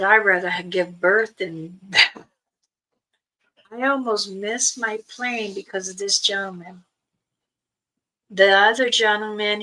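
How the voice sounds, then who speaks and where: A woman's voice: mid-range voice, bright, forceful tone, rough recording. A woman hosting a casual livestream, chatting about a trip with frequent laughs and reading viewer comments aloud. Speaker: livestream host. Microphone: streaming setup.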